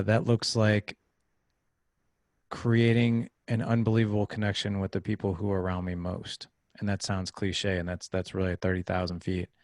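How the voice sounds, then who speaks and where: A man's voice: lowish voice, gravelly, a little mellow, no room sound, clean studio sound. A man in his thirties, a podcast guest, telling a personal story in casual conversation and acting out the voices of people in it.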